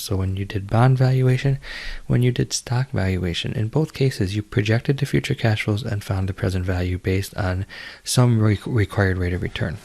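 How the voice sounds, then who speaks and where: A man lecturing on finance in a measured, explanatory way, with fillers and restarts. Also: fairly low pitch, darkish tone. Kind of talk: recorded lecture.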